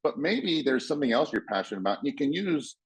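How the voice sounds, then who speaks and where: A man with a husky, slightly rough voice gives casual motivational advice. He talks bluntly and swears without hesitation. He often slips into acting out what other people say. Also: mid-range voice, sing-song, fast. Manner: blunt, swears freely, acts out quoted voices.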